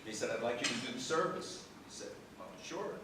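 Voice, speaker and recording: A man's voice: mid-range voice, brisk. Man telling a joke in an echoey hall. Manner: lively storyteller voicing both sides of a joke. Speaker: speaker at a tribute event. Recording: echoey hall, distant mic, background noise.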